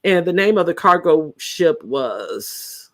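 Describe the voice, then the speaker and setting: A man's voice: a little high, sing-song, slow pace. A man hosting a live stream, chatting casually with viewers in a rambling way, full of fillers and restarts. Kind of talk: casual chat.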